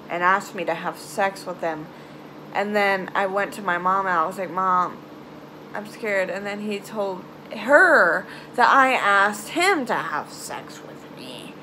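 Young female vlogger, storytime confessional, slow and halting, lively high voice, light background noise. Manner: halting, emotional, trails off into sighs and nervous laughs.

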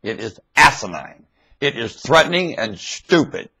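Husky man ranting into a webcam. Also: big pitch swings, unhurried. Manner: swings between loud emphatic outbursts and low muttering. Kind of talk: webcam monologue rant. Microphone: webcam mic.

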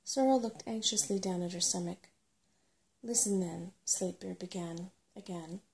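A woman reading a bedtime story aloud in a hushed ASMR voice, curled up on a sofa at home. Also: on the low side, moderate pace, vocal fry. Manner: hushed, slipping into whisper.

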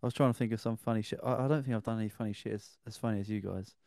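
A man's voice: fairly low pitch, fairly even intonation, racing, creaky, darkish tone, no echo. A man, a podcast co-host who chats in a laid-back, joking way while introducing a story. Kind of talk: casual podcast chat.

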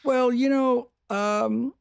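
A man's voice: extremely high pitch, steady tone, drawn-out words, gravelly, clean tone, no room sound, clean studio sound. An older man talking as a podcast guest, rambling, restarting and repeating for emphasis. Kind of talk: casual interview talk.

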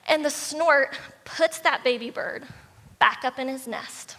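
Woman pastor, high bright voice, lively storytelling sermon, long church-hall reverb. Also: a little slow. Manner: animated, acts out animal voices in the story. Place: church sanctuary.

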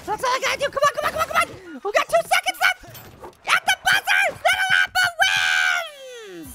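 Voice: very high voice, very noisy. A voice actor playing a tiny, cheeky cartoon apple who plays a basketball video game and trash-talks the opponents. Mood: excited trash talk. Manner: trash-talking, excitable, quick banter at the game. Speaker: gaming channel host. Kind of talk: cartoon character game commentary.

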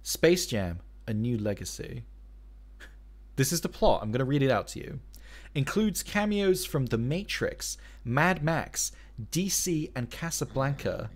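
A man's voice: medium pitch, sing-song, measured pace. A man streaming, chatting casually and ranting in a profane, mock-outraged way.

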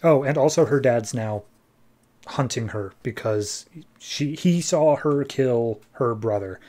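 A man's voice: mid-range voice, takes it slowly, darkish tone. A man hosting a podcast, casually recapping a comic issue in a jokey, wry way. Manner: jokey, wry, acts out quotes. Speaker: podcast host.

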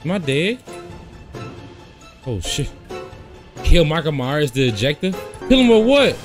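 Young man yelling through a horror game. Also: fairly high pitch, big pitch swings, measured pace, faint music behind. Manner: loud, yelling and swearing at the game. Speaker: gaming streamer. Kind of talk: gameplay commentary.

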